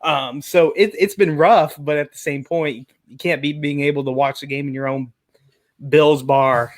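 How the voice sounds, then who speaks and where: Male podcast guest, fairly high voice, exasperated, chatty. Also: fairly even intonation, normal speed. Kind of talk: casual podcast chat. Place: home bar.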